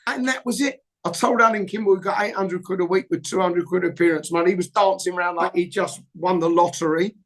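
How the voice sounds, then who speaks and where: Speaking high and fairly quickly with hardly any pauses, this older football agent tells anecdotes as an interview guest. He brings old phone conversations to life by performing both sides, and the recording quality is low.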